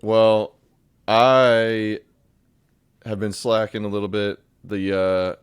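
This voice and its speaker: A man's voice: lowish voice, fairly even intonation, takes it slowly, smooth, no echo. A man co-hosting a podcast in casual chat, upbeat and talking straight to listeners. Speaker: podcast co-host.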